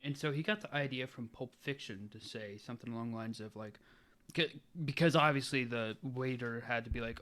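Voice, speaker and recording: A man's voice: medium pitch, brisk, fairly bright tone. A man co-hosting a podcast, chatting casually and telling a story with jokes. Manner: joking storyteller, laughs at his own stories. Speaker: podcast co-host. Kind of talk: casual chat.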